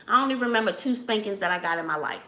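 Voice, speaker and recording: A woman from Brooklyn, hosting a casual livestream chat and telling lively stories with frequent laughs. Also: mid-range voice, racing, echoey room. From Brooklyn, New York. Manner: animated storyteller, laughs often, says "child". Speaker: channel host.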